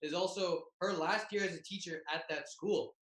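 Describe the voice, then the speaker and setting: A man's voice: high voice, moderate pace, echoey room, background noise. A man comedian adding dry side remarks to a shared story over a video call.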